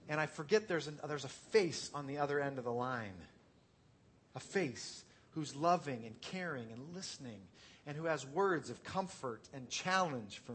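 Husky man preaching earnestly. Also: mid-range voice. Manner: earnest, conversational preaching with dramatic swings in loudness. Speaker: pastor. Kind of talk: sermon.

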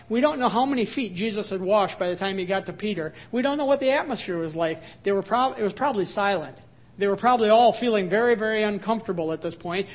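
A male pastor delivers a sermon with earnest emphasis, mixing rhetorical questions and personal stories. His voice sits noticeably high for a man.

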